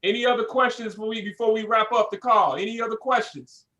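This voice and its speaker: A man's voice: sits high, fairly quick, pushed and bright. Hyped, slangy male call host. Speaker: host of a trading group call. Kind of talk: casual hosting on a group call.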